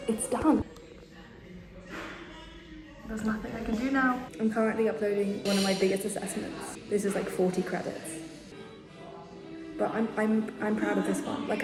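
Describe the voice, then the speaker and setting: A young woman vlogging to camera in a chatty, excitable, self-mocking way. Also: mid-range voice. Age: young adult. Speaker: student vlogger. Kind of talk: casual vlog talk to camera. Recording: echoey room sound.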